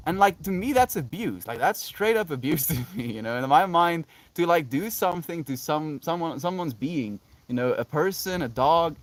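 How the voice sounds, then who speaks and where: A man's voice: fairly high pitch, lively intonation, moderate pace, hardly any pauses. A South African man musing dreamily as a live streamer, reading chat comments and laughing often.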